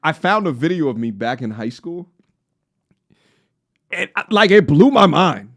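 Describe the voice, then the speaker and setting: A man's voice: a little high, big pitch swings, a little slow, a bit bright, no echo, clean studio sound. A man from Long Island in his thirties with a faint New York accent, chatting loosely and jokingly as he reacts to a video on stream. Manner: loose, joking, slangy, breaks into song. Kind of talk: casual reaction-stream chat.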